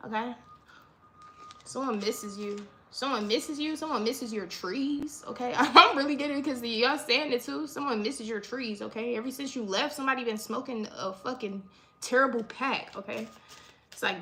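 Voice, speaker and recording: Woman, slightly high voice, casual live reader. Profane, repetitive, keeps checking in with "okay?". Faint hiss. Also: moderate pace, bright, forceful tone. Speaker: livestream tarot reader. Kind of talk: casual livestream reading.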